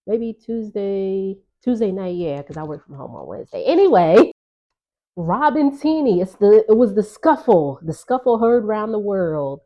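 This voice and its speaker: A woman's voice: medium pitch, lively intonation, moderate pace, lo-fi sound. A woman vlogger recapping a reality show in a chatty, gossipy way, with laughing asides. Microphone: on-camera.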